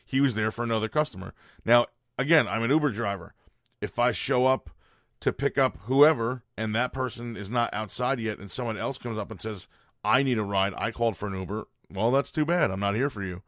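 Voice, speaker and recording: A man's voice: medium pitch, a little fast, fairly bright tone, dry recording, clean studio sound. A man hosting a podcast, telling a story as a casual rant in a blunt, profane and exasperated way. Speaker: podcast host.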